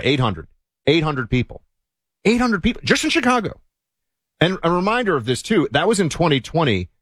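A man's voice: a little high, no room sound, clean studio sound. A man hosting a talk show, giving sardonic, opinionated commentary that rambles with frequent restarts.

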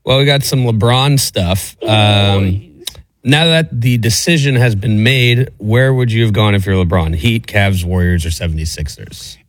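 A man's voice: on the low side, unhurried, no echo. A man working as a sports radio producer, asking the host questions in a casual, hesitant way.

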